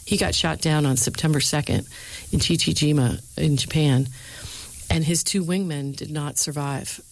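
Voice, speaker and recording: A middle-aged woman with a notably low voice, answering questions in an interview. She tells her stories with energy and voices the people she quotes. The sound is dry and close. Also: normal speed, gravelly, no room sound, low-quality recording. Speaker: speechwriter and university lecturer.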